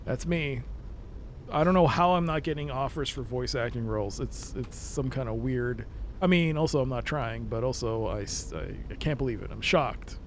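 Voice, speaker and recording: A man with an American accent giving casual, rambling live-stream commentary while playing games, jokey and self-mocking and quick to laugh. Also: mid-range voice, a little hiss or hum. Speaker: game streamer.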